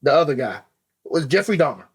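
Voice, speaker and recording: Brief: male host, excitable storyteller, quick delivery, casual chat. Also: a little high, breathy edge. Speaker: podcast host.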